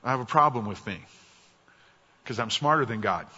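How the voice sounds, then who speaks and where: A man preaching a sermon as a guest speaker. He talks in a conversational, wry way and drops soft and low for quoted prayers. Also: expressive, normal speed, breathy edge. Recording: dull, echoey church hall.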